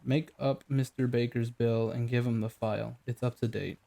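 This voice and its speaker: A gruff, exhausted ex-soldier turned detective who speaks in short, terse bursts, voiced by a male narrator. The voice is deep-toned and dark, with a gravelly rasp. It is the lead character in an audiobook. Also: little pitch movement, normal speed, natural voice.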